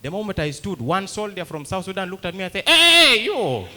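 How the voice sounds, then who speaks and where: Guy doing standup, high bright voice, acts out everyone in his stories. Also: fast. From Uganda. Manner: animated storytelling that acts out other people's lines. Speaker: stand-up comedian. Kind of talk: stand-up comedy set.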